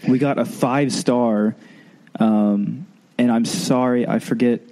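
A man's voice: medium pitch, fairly even intonation, takes it slowly, mellow. A man co-hosting a podcast in casual chat, a bit stuffy from a sinus cold, earnest and easygoing. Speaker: podcast co-host.

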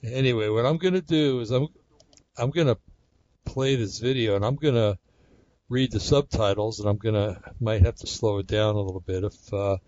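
A man's voice: on the low side, moderate pace, a little mellow, no room sound, highs cut off. A man hosting a casual solo talk show, rambling conversationally with many fillers and restarts. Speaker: podcast host.

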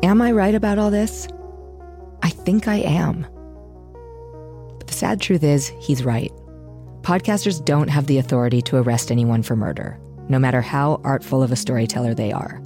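A reflective true-crime podcaster. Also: female voice, sits low, music in the background. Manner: reflective, measured. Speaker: podcast host. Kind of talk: scripted narration.

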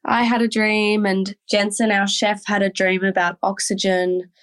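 A woman's voice: medium pitch, flat delivery, a little slow, fairly bright tone, lightly acted. A young Australian woman with an Australian accent, putting on the airy, dreamy voice of her disoriented middle-aged mother. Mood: dreamy, confused.

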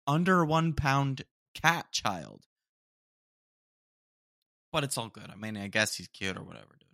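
A man's voice: medium pitch, animated, unhurried, gravelly, long pauses, fairly bright tone, no echo, studio quality. A young man hosting a podcast alone, rambling casually and saying "dude" a lot. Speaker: podcast host. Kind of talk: casual solo chat. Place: home room.

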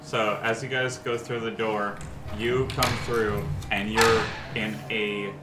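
Low-voiced man running a tabletop game. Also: slow. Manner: relaxed, rambling description with fillers. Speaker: game master. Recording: roomy echo with music.

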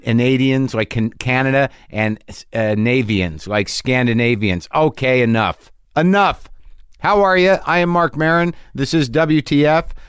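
A man's voice: medium pitch, smooth, dry recording, clean studio sound. A middle-aged American man hosting a podcast, talking in a loose, rambling, profane and wry way. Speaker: podcast host. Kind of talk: casual monologue.

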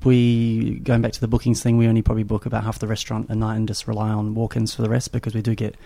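Fast-talking gravelly man. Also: on the low side, completely flat delivery, warm tone. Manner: fast, swearing, laid-back. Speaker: chef and restaurant owner. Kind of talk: casual podcast chat.

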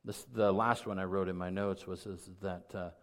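A middle-aged man preaching a sermon as pastor, talking conversationally and building to loud, emphatic peaks. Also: deep voice, steady tone, moderate pace.

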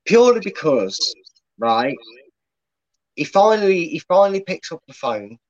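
A man's voice: fairly high pitch, sing-song, unhurried, no room sound. A man speaks as a guest pundit on a casual live stream, rambling and doubling back on his words. His audio sounds dull and lo-fi, as if it comes over a remote connection. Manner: rambling, restarts often.

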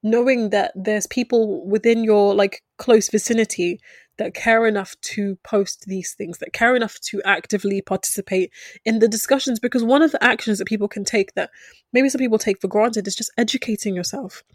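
A woman in casual discussion who talks in a measured, reflective way. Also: mid-range voice, fairly even intonation, no room sound, studio quality.

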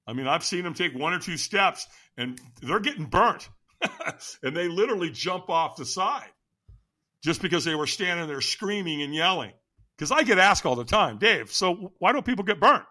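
A man who works as a firewalk instructor, telling excited stories in an interview and acting out quotes with lots of laughter. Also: fairly high pitch, normal speed. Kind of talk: animated storytelling.

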